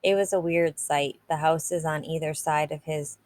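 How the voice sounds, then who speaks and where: A woman reads a novel aloud in a steady, plain voice. Her pitch sits low. The delivery is unhurried storybook narration. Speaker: reader.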